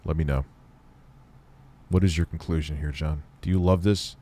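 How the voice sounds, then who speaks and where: A man's voice: extremely low pitch, fairly even intonation, moderate pace, dark tone. A man hosting a live stream, mocking an old tech review with sarcastic, swearing asides. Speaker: host reacting to an old review video. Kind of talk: casual livestream commentary.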